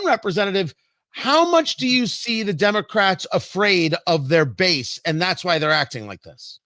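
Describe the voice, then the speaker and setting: A man hosting a political talk show, opinionated and brisk, stumbling over his words now and then. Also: high voice, pushed and bright, no room sound. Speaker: radio talk show host.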